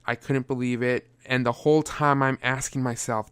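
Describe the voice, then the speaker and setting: A man's voice: medium pitch, fairly even intonation, normal speed, few pauses, a bit bright, smooth, dry recording. A young man reviewing a movie in a casual, sarcastic way, often breaking into exasperated outbursts.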